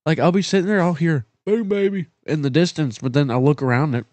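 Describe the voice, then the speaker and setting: A man's voice: fairly high pitch, quick pace, darkish tone, no room sound. A young man on a podcast who tells stories animatedly, acting out quotes and repeating himself. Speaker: podcast guest. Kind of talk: casual storytelling chat.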